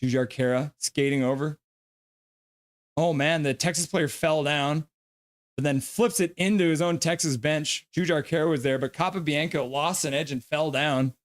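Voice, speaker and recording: High-voiced excitable male stream host. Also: moderate pace, no room sound, clean studio sound. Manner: excitable, reads viewer comments aloud. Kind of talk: fan play-by-play and chat reading on a live stream.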